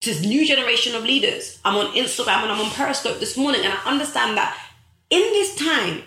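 Young woman, live-stream motivational host, repeats lines for emphasis, bright tone. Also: a little high, expressive, brisk, echoey room. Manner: preachy, emphatic, repeats phrases for effect; addresses viewers directly as guys.

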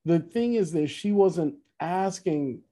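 Bright-voiced man telling a rambling story. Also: high voice, takes it slowly. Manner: rambling, self-correcting, animated retelling. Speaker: podcast co-host, musician. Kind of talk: casual chat, storytelling.

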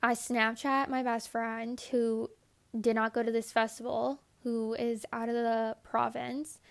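Gravelly young woman, candid storytime. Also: a little high, flat delivery, a little slow. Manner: candid, profane, rambling with many "like"s; acts out her own inner thoughts in quotes. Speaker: vlogger telling a story. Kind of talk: casual storytime monologue.

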